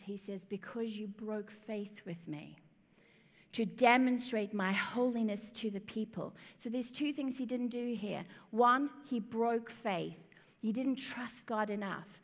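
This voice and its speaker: A woman's voice: medium pitch, pushed and bright. A woman preaching a sermon, telling the story expressively and with emphasis, in a church hall. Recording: long hall reverb.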